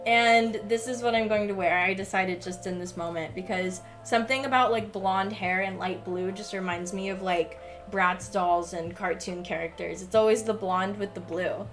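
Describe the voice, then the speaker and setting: A woman's voice: medium pitch, fairly even intonation, moderate pace, few pauses, faint music behind. A young woman livestreamer chatting casually as she unboxes packages, gushing and swearing freely. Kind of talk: casual chat while unboxing.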